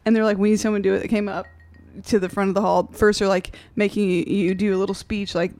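A woman's voice: medium pitch, little pitch movement, quick pace, darkish tone, no room sound. A young adult woman co-hosting a casual podcast, telling a story in a rambling, self-deprecating way with frequent laughs. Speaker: podcast host.

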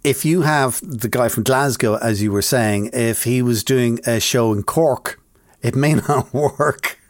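A man's voice: medium pitch, measured pace, dry recording, studio quality. A man hosting a podcast in an easygoing way, asking leading questions and slipping into playful quoted voices. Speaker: podcast host. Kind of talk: casual podcast chat.

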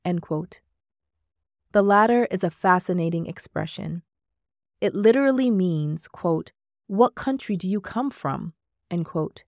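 Woman narrator, lowish voice, dry close sound, measured devotional book reading. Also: dry recording. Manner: measured, steady reading that marks each quote aloud. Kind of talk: scripted narration reading aloud.

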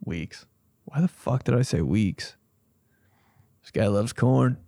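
A man hosting a comedy podcast, riffing in a casual, animated way and swearing freely. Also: on the low side, slow, vocal fry, no room sound, studio quality.

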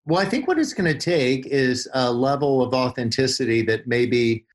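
A man's voice: mid-range voice, lively intonation, moderate pace. A man, a podcast guest, giving advice through folksy stories and vivid images. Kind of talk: podcast interview.

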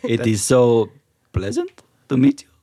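A man voicing an excitable male gnome, the little brother, in a put-on French accent and a gushing, gasping manner. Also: medium pitch, measured pace, creaky, full character voice.

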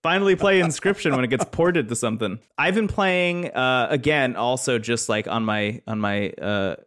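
A man's voice: medium pitch, moderate pace, a bit bright. A man co-hosting a podcast in casual chat, rambling and self-deprecating. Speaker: podcast co-host.

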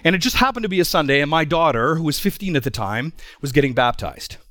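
A middle-aged man preaching through a personal story, swinging widely in pitch as he talks. His voice sits fairly high for a man, and the sound is close and dry. He talks emphatically and often restarts his sentences. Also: quick pace, no room sound. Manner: animated, emphatic, with frequent restarts. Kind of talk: storytelling sermon.

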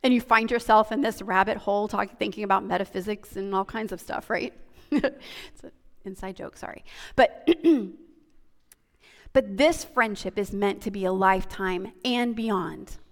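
A woman pastor preaching a sermon, animated, moving between quiet and loud passages. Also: mid-range voice, a little slow, long reverb tail. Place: church sanctuary.

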